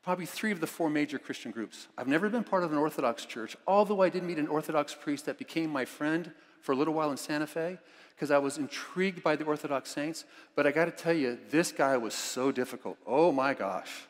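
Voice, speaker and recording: Speaking briskly in a slightly high voice, a male pastor gives a conversational sermon with lots of enthusiasm and frequent restarts. The recording carries the long echo of a church sanctuary.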